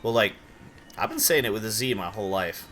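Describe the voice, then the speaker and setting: A sleepy young man from Idaho chatting casually on a live stream while gaming, rambling with quick outbursts. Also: lowish voice, lively intonation, fairly bright tone, soft background music. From Idaho, USA.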